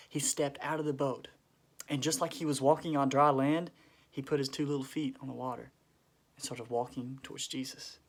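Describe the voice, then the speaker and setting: A man at a middle pitch leads a children's Bible lesson. He tells the story in an animated way, slipping into voices for the characters and speaking directly to the kids. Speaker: children's church teacher.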